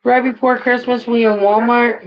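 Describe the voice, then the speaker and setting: A woman tells a story in casual chat, animated and blunt, her voice sitting somewhat high. The recording is dull and lo-fi. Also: moderate pace, a little hiss or hum. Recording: dull lo-fi sound.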